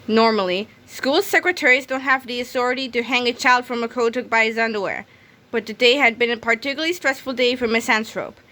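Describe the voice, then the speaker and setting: A woman reading a children's chapter book aloud in a lively storytelling manner. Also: on the high side, fairly quick. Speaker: read-aloud narrator.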